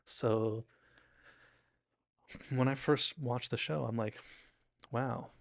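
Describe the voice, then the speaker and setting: A man's voice: mid-range voice, takes it slowly, gravelly, dry recording, studio quality. A man hosting a podcast, casually and enthusiastically breaking down a TV episode with lots of "like"s. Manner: chatty, enthusiastic, acts out quotes, many "like"s. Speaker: TV recap podcast host.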